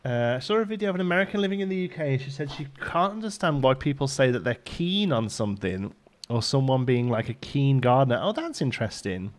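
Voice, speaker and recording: A fast-talking man with a medium-pitched voice and big pitch swings chats casually with his audience during a game stream. He laughs often as he talks, broadcasting from home in Ontario, Canada.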